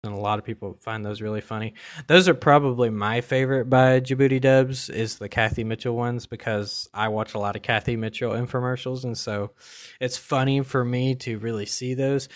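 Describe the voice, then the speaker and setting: A man's voice: mid-range voice, steady tone, a little fast. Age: adult. Sex: man. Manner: rambling casual commentary. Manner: rambling, many fillers and restarts, chuckling. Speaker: commentator on online comedy dubs.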